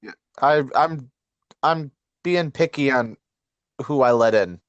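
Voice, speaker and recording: A man's voice: mid-range voice, slow, no room sound, dull audio. A man co-hosting a casual podcast, speaking hesitantly with stammered starts. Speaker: podcast co-host.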